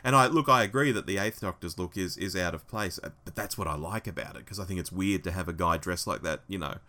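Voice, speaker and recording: Male podcast co-host, lower pitch, bright forward tone, casual animated fan chat. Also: quick pace. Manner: animated, laughs often, acts out quotes in a higher voice.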